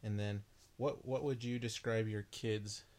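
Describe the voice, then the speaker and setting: A man hosting a podcast, interviewing his mother in casual chat, with many halting restarts. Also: lowish voice, fairly even intonation, a little mellow. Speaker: podcast host.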